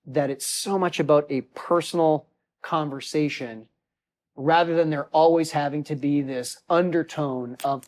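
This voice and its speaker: A man's voice: fairly high pitch, fairly even intonation, a little slow, a little mellow. A man hosting an interview and asking questions in a conversational, slightly wry way. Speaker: host.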